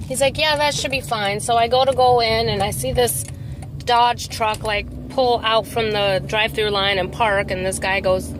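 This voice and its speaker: A young woman chatting while driving, telling a rambling, animated story as a vlogger. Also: a little high. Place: inside a car. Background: faint car noise.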